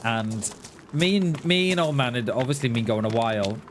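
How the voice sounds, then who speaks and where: A man's voice: mid-range voice, animated, moderate pace, noisy background. A man chatting casually on a live gaming stream, rambling and laughing at himself.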